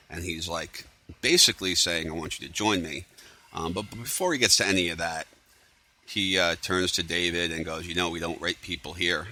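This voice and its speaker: A man's voice: sits low, sharp tone, no echo. A man casually recapping a TV episode on his own, rambling with lots of fillers and sarcastic asides. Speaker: TV recap vlogger.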